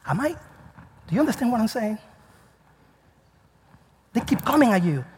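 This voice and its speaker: Husky high-voiced preacher in a reverberant hall. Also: male voice, big pitch swings, a little slow. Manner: call-and-response questions to the congregation. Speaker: pastor. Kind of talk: sermon.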